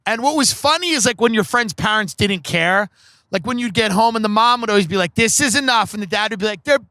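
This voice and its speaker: A man with a high, bright voice telling comic stories on a podcast, loose and profane with many "like"s. The recording is dry and close, with no room sound. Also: quick pace, dry recording. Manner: casual, profane, rambling with many "like"s. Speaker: podcast host. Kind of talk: comedic storytelling.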